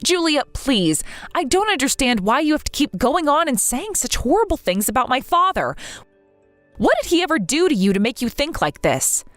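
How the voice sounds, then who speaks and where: A woman's voice: high-pitched, sing-song, moderate pace, a bit bright, dry recording, faint music behind, voice pushed up. A woman voicing a hurt, grieving young wife. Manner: earnest, pleading and upset. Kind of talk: text-story voice acting.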